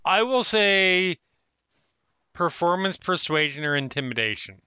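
A man's voice: sits high, sing-song, a little slow, pushed and bright, smooth, no room sound. A man running a tabletop game as dungeon master, narrating with amusement and frequent laughs.

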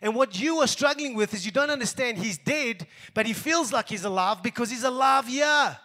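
Middle-aged South African male pastor, high voice, emphatic sermon delivery, long church reverb. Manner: emphatic, swinging between raised exhortation and quiet asides.

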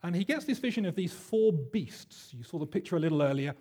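A pastor delivering a sermon in a chatty, self-deprecating storytelling way, with plenty of fillers. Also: male voice, a little high, animated, brisk, warm tone, breathy edge.

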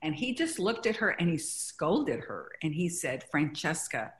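Low-voiced woman telling a story. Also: sing-song. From Mexico. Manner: warm storytelling, grows emotional, halting restarts. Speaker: interview guest. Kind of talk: conversational interview.

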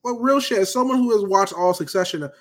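A man co-hosting a podcast in casual chat, ranting in an animated, profane and emphatic way. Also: high voice, quick pace. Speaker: podcast co-host.

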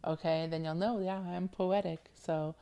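Slow, gravelly-voiced woman podcast host. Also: lowish voice, steady tone, warm tone. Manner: playful, affectionate, coaxing listeners with repeated check-ins. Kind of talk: motivational podcast talk.

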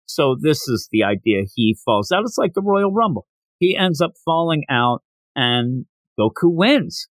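A man hosting a podcast, casually recapping a manga chapter and acting out the characters' lines in quick voices. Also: on the high side, sing-song, no room sound. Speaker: podcast host.

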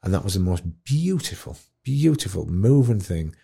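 Low dark husky man, animated storyteller. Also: normal speed. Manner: animated, emotional storyteller, drops to a hush at tender moments. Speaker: guest musician in care.

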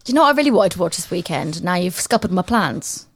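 A woman's voice: lowish voice, animated, fast talker. A woman in her twenties co-hosting a radio chat, playfully teasing the two men. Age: 20s. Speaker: radio co-host.

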